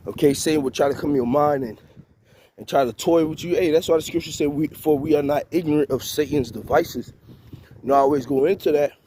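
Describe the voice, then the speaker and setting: A man delivering an informal spiritual rant, halting and repeating words, tagging his lines with "man". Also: fairly high pitch, warm tone, slight background noise. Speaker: preacher.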